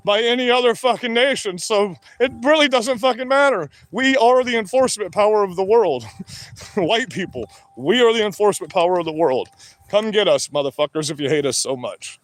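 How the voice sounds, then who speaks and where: A man's voice: high-pitched, no echo. A man ranting alone to the camera in a combative, heavily profane monologue. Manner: profane, combative, heavy swearing. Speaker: vlogger. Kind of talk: angry monologue rant.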